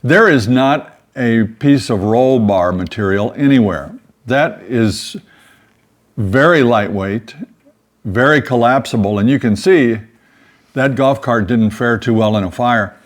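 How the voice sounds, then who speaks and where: A man's voice: medium pitch, unhurried. An older man co-hosting a casual chat, dry and joking, teasing his wife. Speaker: co-host.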